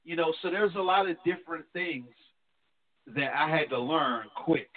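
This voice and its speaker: A man's voice: fairly high pitch, moderate pace. Reflective man on a tinny phone line. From New Jersey. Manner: candid, reflective, animated when quoting his wife. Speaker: pastor. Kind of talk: casual talk show conversation.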